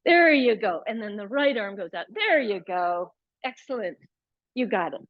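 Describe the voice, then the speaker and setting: A woman's voice: medium pitch, animated, moderate pace, dry recording, muffled recording. A woman leading a live yoga class, chatty and encouraging, with playful asides. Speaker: yoga teacher.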